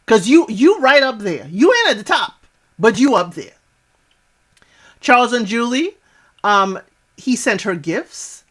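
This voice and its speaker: A woman's voice: on the high side, sing-song, a little slow, long pauses, a bit bright. Sassy woman recapping a dating show. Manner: sassy, talks back to the people on screen; chatty, with frequent asides. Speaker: reality TV recap host. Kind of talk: casual spoken recap and commentary.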